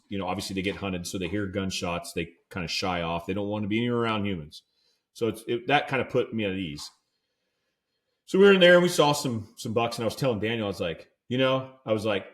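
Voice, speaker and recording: Low-voiced guy telling a fishing and hunting story. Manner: laid-back storyteller who acts out quoted dialogue; peppers his talk with "dude" and "like". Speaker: podcast co-host. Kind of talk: casual hunting story on a podcast.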